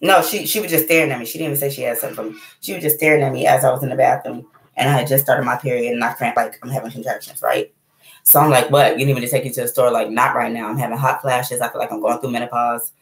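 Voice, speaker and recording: Candid, animated woman in an echoey room. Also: a bass voice, quick pace, vocal fry. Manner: candid, animated, swears freely, says "right?" a lot. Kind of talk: casual storytelling monologue.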